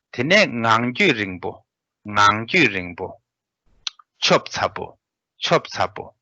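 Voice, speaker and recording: Guy teaching vocab really slow, repeats every word twice, bright voice, dull sound. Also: lowish voice, big pitch swings, no room sound. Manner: patient, repeats each word slowly. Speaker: language teacher.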